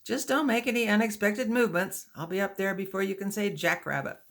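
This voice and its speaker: A woman's voice: mid-range voice, a little fast, vocal fry, pitched above the performer's own voice, close to an everyday voice. A woman voicing a young male wagon teamster from Utah, talking in a cheerful drawl. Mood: reassuring.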